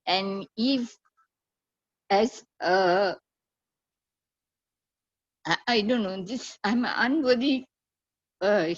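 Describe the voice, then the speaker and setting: A woman sharing an emotional personal remembrance as a disciple, halting often with fillers and restarts. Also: mid-range voice, highs cut off.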